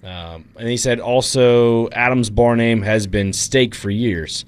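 A man's voice: mid-range voice, slow, clean tone. A man co-hosting a radio show, reading listener texts aloud in an easygoing, slightly hesitant way. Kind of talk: casual radio banter.

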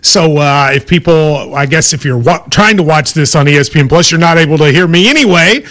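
A man's voice: fairly high pitch, expressive, brisk, a bit bright. A man hosting a sports radio show, chatting casually and teasing his co-host. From Kentucky. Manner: joking, teasing.

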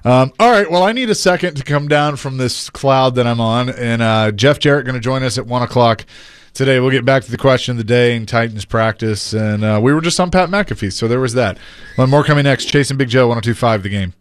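A man's voice: mid-range voice, fairly quick, clean tone, no room sound. A man co-hosting a sports radio show, easygoing and agreeable as he moves the segment along. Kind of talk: casual sports talk. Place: radio studio.

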